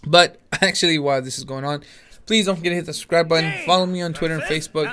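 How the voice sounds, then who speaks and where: A man's voice: a little high, fairly even intonation, quick pace, pushed and bright. A man casually commenting on his card game as he plays, thinking aloud with frequent restarts and filler words, sounding a little tired. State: yawning, tired. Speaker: gaming channel host.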